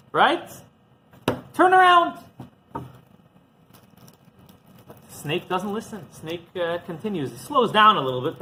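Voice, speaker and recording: A man, a rabbi, teaching through an animated story and acting out the dialogue as he goes. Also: a little high, slight background noise, low-quality recording. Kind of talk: storytelling lesson.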